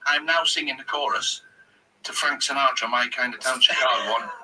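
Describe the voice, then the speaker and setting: A Welsh man, a former footballer, telling a story in casual, animated fashion and laughing along the way. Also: mid-range voice, normal speed. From Wales. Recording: distant mic with background noise.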